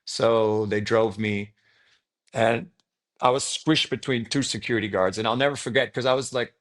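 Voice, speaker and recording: Speaking at a normal speed, this young Australian man has a medium-pitched, fairly bright voice. As a podcast guest, he rambles through his story casually, with plenty of "likes" and "ums," in an interview setting.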